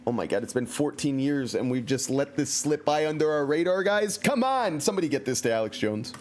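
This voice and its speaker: A man's voice: medium pitch, fast talker, a little mellow, a little hiss or hum. A man streaming a video game, chatting casually in a playful, joking and self-mocking way. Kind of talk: casual let's-play commentary.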